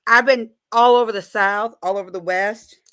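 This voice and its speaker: A woman hosts a live stream, chatting playfully and greeting viewers by name. Her mid-range voice is steady, clear, resonant, and fairly bright, at a normal speed.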